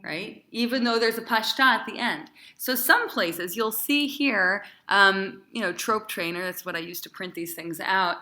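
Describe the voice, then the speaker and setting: A woman's voice: medium pitch, a little slow, hardly any pauses, pushed and bright, roomy sound. A woman cantor teaching a class, chatty and encouraging, asking her students questions. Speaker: cantor teaching Torah cantillation.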